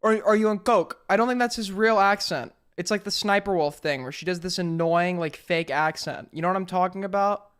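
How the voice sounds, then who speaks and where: A man from New York streaming, reacting to a clip with animated, swearing, laughing commentary. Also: sits high, fairly quick, clear, resonant tone.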